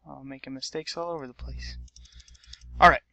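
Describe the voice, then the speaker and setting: A male high school teacher records a computer lesson for his class while a substitute covers, sounding upbeat and often checking in with "okay?" His voice is gravelly and sharp, with fairly even intonation and a moderate pace.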